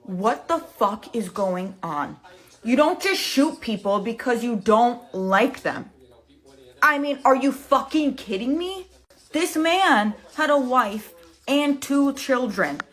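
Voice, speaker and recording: Outraged woman, raised pitch. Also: expressive, slow. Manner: outraged, swearing, disbelieving. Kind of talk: emotional reaction video.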